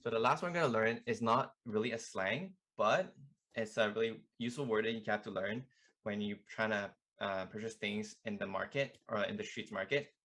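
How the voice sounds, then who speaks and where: Tutoring for a student club, a young man with a fairly low voice runs a casual online language lesson at a moderate pace. He speaks in an easygoing, rambling way, sprinkling in plenty of "like" and "you know."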